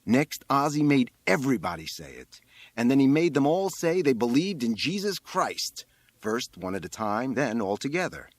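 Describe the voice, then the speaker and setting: A man reading a literary short story aloud, with expressive, dramatic phrasing. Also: mid-range voice, moderate pace, no room sound. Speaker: audiobook reader. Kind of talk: literary audiobook narration.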